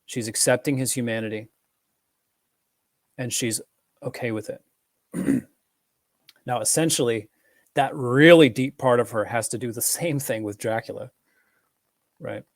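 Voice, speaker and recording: A man's voice: medium pitch, measured pace, long pauses, no room sound. Man, casual film commentary, rambling with restarts, dry close sound. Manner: rambling, many fillers and restarts. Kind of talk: casual film analysis talk.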